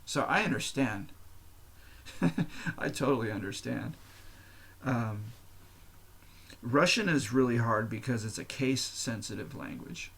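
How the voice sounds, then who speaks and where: Talking solo on his podcast, this host has a medium-pitched voice that's creaky, husky, and a touch bright. His casual monologue is frank and full of swearing, and he explains things at length with plenty of fillers.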